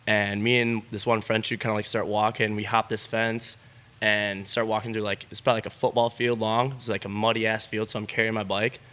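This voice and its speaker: A man's voice: lowish voice, level tone, a little fast, fairly bright tone. A young man, a BMX rider, telling a story as a podcast guest in a laid-back way, swearing freely and filling with "like". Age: young adult. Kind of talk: casual storytelling.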